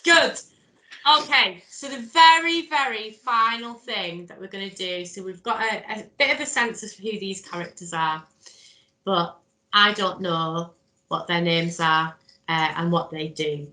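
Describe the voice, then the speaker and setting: Slow, bright-voiced woman leading a workshop. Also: medium pitch. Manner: encouraging, step-by-step instructions. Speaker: workshop leader. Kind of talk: guiding a drama exercise. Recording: echoey room.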